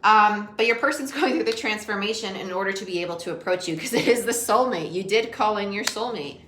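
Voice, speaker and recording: A woman's voice: medium pitch, fairly quick, a bit bright. A woman giving a casual tarot reading, talking straight to the viewer in a chatty way and often laughing. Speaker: tarot reader. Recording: echoey room with faint noise.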